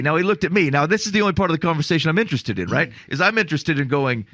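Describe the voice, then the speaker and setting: A man's voice: a little high, expressive, racing, hardly any pauses, a bit bright, no echo, studio quality. A man hosting a podcast, from Iowa, telling a long rambling story in casual chat with laughs. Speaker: podcast host.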